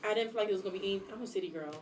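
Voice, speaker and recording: A woman in her twenties co-hosting a casual podcast chat, talking quickly and animatedly, laughing often. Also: medium pitch, a little hiss or hum. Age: 20s. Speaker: podcast co-host.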